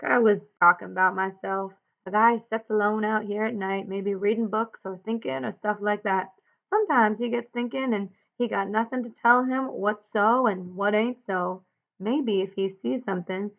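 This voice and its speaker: A woman voicing a lonely, bitter male ranch hand in a read-aloud, drawling slowly with pointed rural speech, on a dull lo-fi recording. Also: mid-range voice, natural voice.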